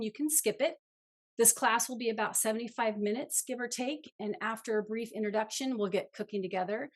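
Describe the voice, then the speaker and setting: A woman co-hosting an online cooking class, reading prepared remarks and going through the plan in an organized way. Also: a little high. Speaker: co-host. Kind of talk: scripted class introduction.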